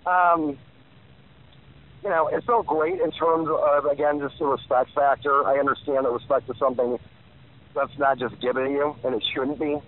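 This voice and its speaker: A man's voice: mid-range voice, steady tone, normal speed. A man in his forties giving rambling interview answers, full of fillers and restarts. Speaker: guest. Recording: tinny phone line.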